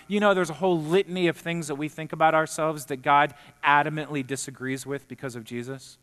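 Pastor preaching a sermon, earnest and emphatic, slightly high voice, long hall reverb. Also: male voice, fairly even intonation, fairly quick, few pauses, fairly bright tone. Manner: earnest, building to emphatic peaks.

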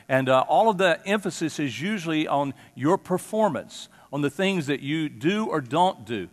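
A man's voice: on the high side, expressive, normal speed, few pauses, in a large hall. A pastor preaching a conversational sermon to his congregation, stopping now and then to put questions to them. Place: church sanctuary.

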